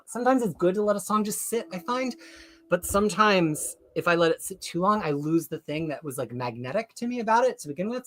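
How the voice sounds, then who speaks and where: A live-stream host chatting casually and reading viewer comments aloud, excitable and rambling, often correcting themselves mid-sentence. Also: medium pitch.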